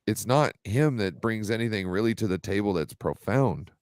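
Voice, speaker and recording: This podcast co-host has a fairly low-pitched voice and a moderate pace, captured dry with clean studio sound. On a casual sports talk show, he's an animated storyteller who rambles and leans on plenty of fillers.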